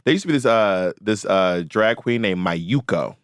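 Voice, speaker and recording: A man talking as a podcast guest in casual chat, an animated storyteller who repeats words as he gets going. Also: normal speed, smooth, no echo, clean studio sound. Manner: soft and low talking about his late mother.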